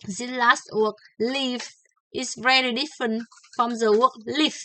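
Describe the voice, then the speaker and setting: A woman teaching English pronunciation, slowly and deliberately, repeating each example word several times. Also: fairly high pitch, steady tone, bright, forceful tone, slight background noise, poor audio. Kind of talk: slow pronunciation lesson with drilled example words.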